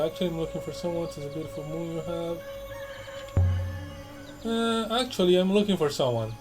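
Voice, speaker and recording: In casual let's-play commentary, a man with a fairly high voice speaks a little fast and pauses often as he plays a narrative game. He reads the dialogue choices aloud, repeats lines, and makes wry asides, with game music in the background.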